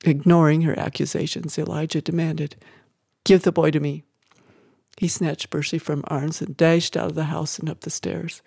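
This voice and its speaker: A narrator giving an expressive, emotive audiobook reading of a story. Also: mid-range voice, normal speed, vocal fry, hardly any pauses, breathy edge, no room sound, clean studio sound.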